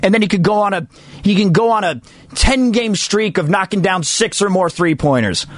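A man's voice: high voice, moderate pace, dry recording. A man hosting a sports talk segment, talking casually and emphatically with jokey asides. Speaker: sports radio host.

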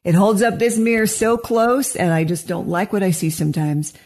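A middle-aged woman co-hosting a marriage podcast, speaking gently and reflectively, often affirming her co-host. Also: medium pitch, moderate pace. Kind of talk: casual podcast conversation.

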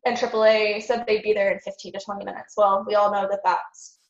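A woman's voice: mid-range voice, flat delivery, a little fast, reverberant, highs cut off. A woman guest on a podcast, talking earnestly in a casual interview and acting out her own thoughts, sounding a little sick.

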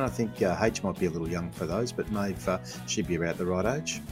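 Deep-voiced radio host. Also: male voice, fairly quick, few pauses, music in the background. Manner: chatty, jokey. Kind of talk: hosting and live-read ad.

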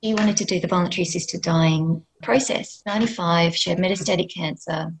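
Middle-aged Australian woman, gently emotional podcast guest, gravelly texture. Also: lowish voice, fairly even intonation, a little fast, rough recording. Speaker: end of life doula and nurse, guest. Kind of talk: podcast interview, storytelling.

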